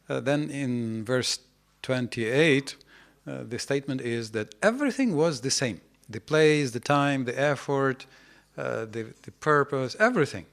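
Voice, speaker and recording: A man's voice: medium pitch, fairly bright tone. A man giving an informal scripture lecture to a small audience in a temple hall, rambling with many fillers and asking rhetorical questions. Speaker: speaker giving a scripture class.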